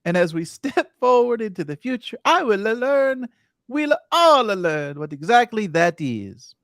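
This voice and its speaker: A man putting on the voice of a bubbly older male voice actor, high and giddy. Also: sing-song, measured pace, fairly bright tone, no room sound, studio quality, exaggerated voice. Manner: high, squealing cheer.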